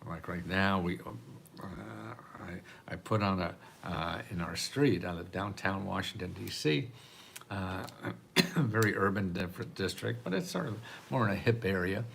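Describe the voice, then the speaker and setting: An older man speaks in a low, gravelly voice, rambling and restarting his sentences while he makes his point. He chuckles softly between thoughts, and a faint hiss of noise sits under the recording. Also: a little slow. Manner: rambling, repeats words, often laughs softly. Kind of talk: casual monologue to camera. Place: apartment in a city.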